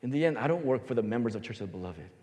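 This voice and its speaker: A man pastor giving a sermon, telling a story and swinging his voice between loud and soft for emphasis. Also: mid-range voice, animated, very fast. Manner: storytelling, varies loudness for emphasis. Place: church sanctuary. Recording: long hall reverb.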